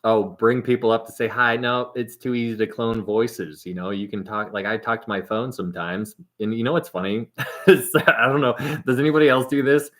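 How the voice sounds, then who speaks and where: A man's voice: mid-range voice, steady tone, brisk, a bit bright. A man hosting a casual livestream and reading out viewer comments. He rambles, laughs often and trails off mid-sentence. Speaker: livestream host.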